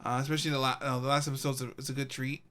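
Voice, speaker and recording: A man's voice: mid-range voice, little pitch movement, rapid-fire, sharp tone. A man co-hosting a podcast, chatting casually, laughing often and restarting his sentences. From Southern California. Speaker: podcast co-host. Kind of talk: casual chat.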